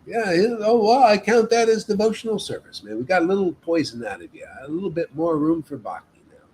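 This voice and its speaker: Man, informal devotional sermon, emphatic and casual, lively swooping pitch, slightly high voice. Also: fairly quick, slight background noise, rough recording. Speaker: devotional meetup leader.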